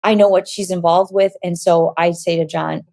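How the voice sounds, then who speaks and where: A woman giving a personal testimony as an interview guest, telling her story in a lively way and acting out what people said. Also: on the low side, normal speed, gravelly, dry recording. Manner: animated, acts out dialogue in quoted voices.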